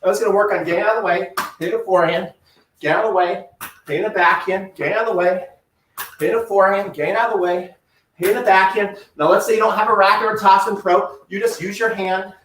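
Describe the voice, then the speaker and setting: A man's voice: high voice, fast talker, fairly bright tone, echoey room, distant mic, slight background noise. A man coaching tennis drills and exercises during a live home workout, upbeat and talking while he moves. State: breathing heavily at times. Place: room at home.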